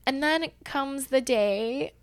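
Expressive young woman telling a story. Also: high voice, takes it slowly, clear, resonant tone. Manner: animated, gets loud and emotional retelling tense moments. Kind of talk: casual storytelling.

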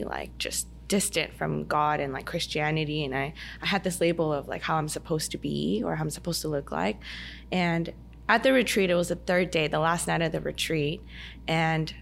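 Gravelly-voiced woman telling a story. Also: low-pitched, slight background noise. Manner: chatty, heavy use of "like", animated retelling. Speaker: podcast guest, dance studio owner. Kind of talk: casual personal storytelling. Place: indoor podcast table over a meal.

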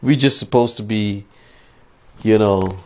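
A man's voice: on the low side, a little slow. A man hosting a podcast, ranting casually with lots of swearing and repeated "you know what I'm saying.". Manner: mocking voices he quotes, laughing at his own points. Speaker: podcast host. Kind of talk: casual political rant.

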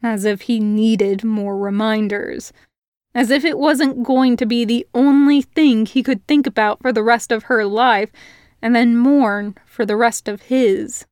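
A woman narrating a fan fiction audiobook in a measured, expressive reading. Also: a little high, smooth, no echo, clean studio sound. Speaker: podfic reader.

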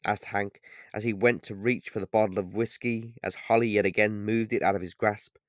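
A man reading his own short story aloud in a steady, measured narration. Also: fairly low pitch, no echo, clean studio sound.

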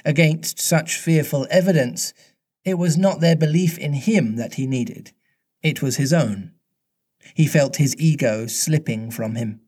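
A man reading a classic children's novel aloud, expressive and unhurried, stopping to chat. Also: fairly high pitch. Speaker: reader and podcast host.

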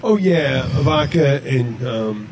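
A man's voice: mid-range voice, expressive, takes it slowly, a little mellow, slight background noise. Rambling bartender man hosting a chat. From Minnesota. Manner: rambling, acts out customers in voices. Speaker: podcast host, bartender. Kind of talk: casual chat.

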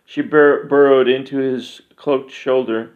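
Steady, flat-toned male storyteller. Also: mid-range voice, unhurried. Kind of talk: fantasy story reading. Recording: dull lo-fi recording.

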